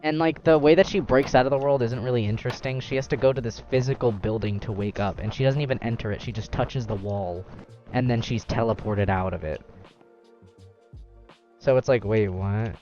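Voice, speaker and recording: A young man, host of a gaming channel, chatting casually while playing, rambling with animated acted-out quotes. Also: mid-range voice, fairly quick, lo-fi sound, soft background music.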